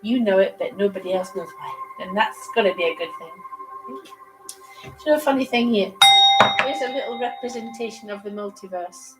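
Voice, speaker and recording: Woman reading tarot live for viewers, chatty and rambling, mid-pitched, with clear music playing behind. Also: moderate pace, low-quality recording. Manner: chatty, rambling, laughs easily. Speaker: psychic reader on a livestream. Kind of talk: casual livestream tarot reading.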